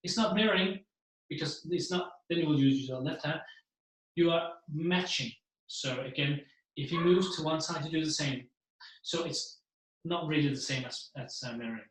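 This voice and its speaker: Brief: male keynote speaker, animated, slightly high voice, very echoey room. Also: moderate pace. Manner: animated, acts out the voices he describes. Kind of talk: seminar talk to an audience.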